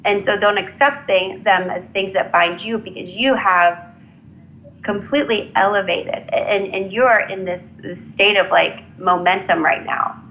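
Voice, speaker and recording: Earnest halting woman psychic reader. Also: mid-range voice, dull audio, a little hiss or hum. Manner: halting, many restarts and fillers, earnest. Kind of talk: live intuitive reading, casual.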